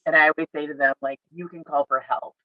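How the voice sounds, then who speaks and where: A woman's voice: low voice, quick pace. A woman outdoor educator tells stories in a loose, conversational way, acting out both sides of her talks with children and peppering everything with "like" and "I said." The sound is dull and lo-fi, close and dry with no room echo. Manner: lively storyteller who acts out dialogue with kids; frequent "like" and "I said" fillers. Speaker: outdoor educator at a field center. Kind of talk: casual storytelling in an online educator forum.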